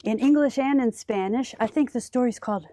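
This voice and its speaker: Woman, children's librarian host, high voice, dry close sound, encouraging. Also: a little fast, dark tone, no room sound. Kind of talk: children's story time show.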